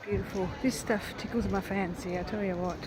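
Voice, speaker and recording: A woman's voice: mid-range voice, steady tone, fairly quick, over a noisy crowd, low-quality recording. A woman vlogging a casual walking tour outdoors, chatting in rambling asides while filming on a handheld camera. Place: outdoors on busy town streets. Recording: loud street and traffic noise. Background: traffic and town bustle.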